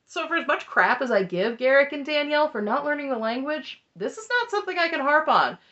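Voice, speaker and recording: A woman's voice: high-pitched, big pitch swings, brisk, pushed and bright. A woman hosting a casual, chatty recap with snarky asides. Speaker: recap host. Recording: muffled lo-fi audio.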